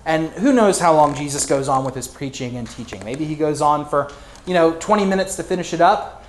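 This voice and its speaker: A man's voice: fairly high pitch, a little fast, echoey room, slight background noise. A man preaching a sermon in a casual storytelling way, full of fillers and restarts.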